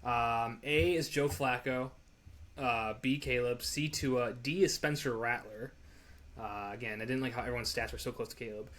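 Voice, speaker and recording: Bright-voiced man, casual sports chat. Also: mid-range voice, steady tone, normal speed. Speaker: podcast co-host.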